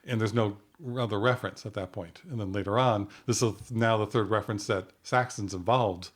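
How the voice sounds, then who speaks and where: A man with a lowish voice talks through scenes on a podcast. He chats casually and often quotes dialogue. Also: steady tone, fairly quick. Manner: recounts scenes, quoting dialogue. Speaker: podcast co-host. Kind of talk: casual chat.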